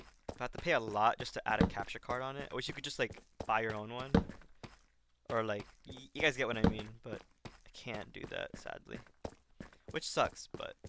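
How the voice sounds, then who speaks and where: A young man chats loosely while he plays, looping back and restarting his thoughts. His voice sits at an ordinary middle pitch. A loud steady hiss and clicking run under the whole recording. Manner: rambling, self-correcting, talks while playing. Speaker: streamer. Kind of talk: casual gaming stream chat. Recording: loud background noise with clicks.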